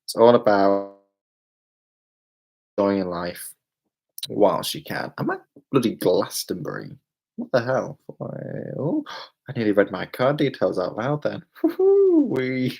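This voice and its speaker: A man's voice: on the low side, expressive, a little slow, gravelly, long pauses, a little mellow, husky. A young British man, tipsy from beer, rambling and exclaiming as he chats on a live stream from a hotel room. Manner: rambling, exclamatory, self-mocking. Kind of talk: casual live-stream chat.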